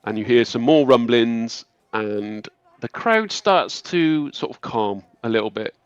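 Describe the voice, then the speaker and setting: A man narrating as game master, telling the scene in an unhurried, descriptive way. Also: medium pitch, animated, clear, resonant tone, dry recording. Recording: dull lo-fi recording.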